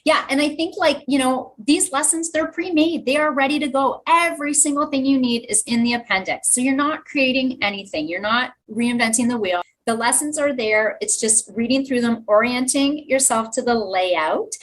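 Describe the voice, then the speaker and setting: A woman's voice: sits high, moderate pace, few pauses, low-quality recording. A woman teacher, telling classroom stories with enthusiasm in a podcast interview. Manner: enthusiastic storytelling, lively asides. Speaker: teacher and guest.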